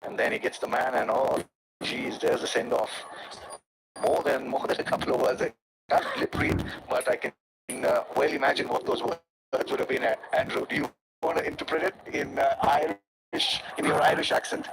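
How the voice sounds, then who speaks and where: A man giving live cricket commentary, excitable and swooping on the big moments. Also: medium pitch, normal speed, creaky. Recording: loud background noise over commentary.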